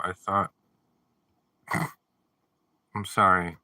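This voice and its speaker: A man's voice: low-pitched, fairly even intonation, takes it slowly, pauses often, pushed and bright, no echo. A man chatting casually on a live stream, joking around and reading viewer messages aloud. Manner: playful, jokey, reads viewer messages aloud. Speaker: livestreamer reading chat.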